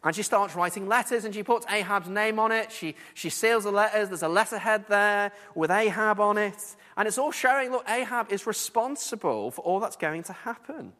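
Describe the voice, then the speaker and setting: A man preaching a sermon, earnest and animated, often repeating words as he builds his point. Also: high voice, moderate pace, few pauses, big-room sound.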